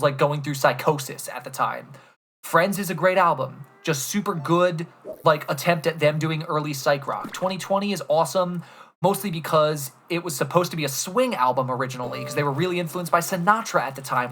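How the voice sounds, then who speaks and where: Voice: medium pitch, fairly bright tone. A young streamer ranting casually to chat about albums, enthusiastic and rambling, swearing often.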